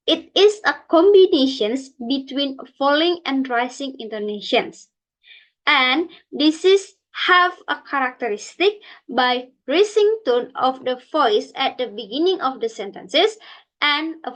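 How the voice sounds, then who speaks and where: A young woman from Indonesia, a student giving a recorded class presentation and explaining carefully, with many halts and restarts. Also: high voice. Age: young adult.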